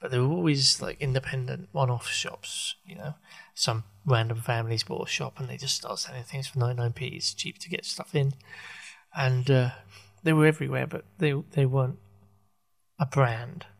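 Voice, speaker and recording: A man muses aloud on his podcast in a loose, unscripted ramble. He stops and restarts often, hunting for words, and slips in dry asides. His voice sits at an everyday middle pitch for a man. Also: creaky, a bit bright. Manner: halting, full of fillers and self-corrections, wry. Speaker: podcast host. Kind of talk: rambling casual monologue.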